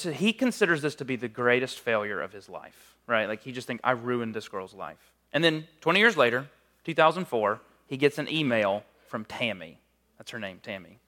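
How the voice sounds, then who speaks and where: A man's voice: medium pitch, bright, forceful tone. A man preaching a sermon in a church, as a campus minister, casual and joking, telling a story with animation. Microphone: microphone.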